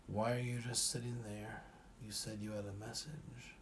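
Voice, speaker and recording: A man's voice: lowish voice, level tone, moderate pace, slight background noise, lightly acted. A man voicing a terse, secretive tech magnate in an audiobook, with clipped questions.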